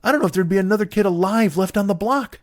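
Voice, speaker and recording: A man's voice: high voice, fast talker, no room sound, studio quality. A man doing a profane, riffing comedic monologue as a podcast host.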